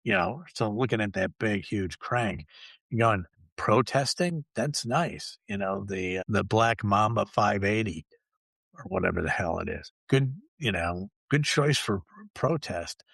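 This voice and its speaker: Male talk host, low gravelly voice, dry close sound; blunt, profane, sarcastic. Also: measured pace, a bit bright, dry recording. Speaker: podcast host. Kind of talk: ranting solo talk show.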